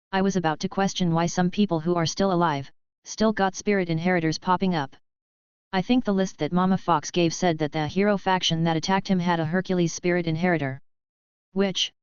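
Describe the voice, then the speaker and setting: A woman's voice: fairly low pitch, a little mellow, smooth, no echo. A woman narrating a novel in the first person, with a casual, snarky manner. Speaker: audiobook narrator. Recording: dull lo-fi audio.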